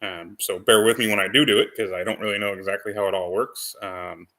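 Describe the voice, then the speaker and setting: Male channel host, low-pitched, bright tone; casual rambling live chat, lots of fillers. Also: steady tone, brisk. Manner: rambling, full of ums and restarts.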